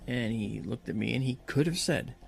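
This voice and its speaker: Gravelly-voiced man telling a tense story. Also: medium pitch, normal speed. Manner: animated storyteller who acts out quoted voices. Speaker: guest recounting a personal story. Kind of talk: storytelling in conversation.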